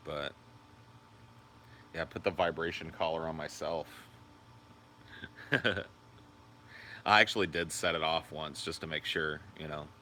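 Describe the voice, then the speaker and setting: A man's voice: takes it slowly, pauses often, sharp tone, a little hiss or hum. A man hosting a casual livestream, rambling and cursing while he answers viewer comments. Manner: high sing-song baby talk to his dog. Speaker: livestream host.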